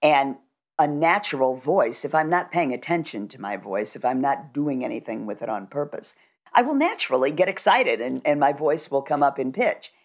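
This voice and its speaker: A middle-aged woman with a low, grounded voice explains how to speak with presence. She talks in a measured, instructive way, sure of what she teaches. Her delivery is calm and conversational. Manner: instructive, measured and assured, demonstrates voice techniques. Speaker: communication coach. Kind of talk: conversational podcast interview.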